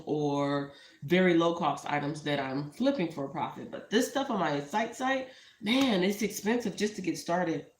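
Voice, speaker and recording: A woman with a Texan accent chatting casually and rambling to live viewers about her small online business, speaking into a tablet on a shelf at home. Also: fairly low pitch. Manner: chatty, rambling, talks to viewers and her cat between thoughts. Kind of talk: casual live-stream chat. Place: home room. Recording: echoey room on a tablet mic.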